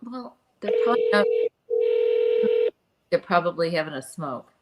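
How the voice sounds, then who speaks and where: Lowish woman cohost, teasing, always chiming in with ideas. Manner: teasing, quick to correct and suggest. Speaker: podcast co-host. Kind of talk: casual comedic chat.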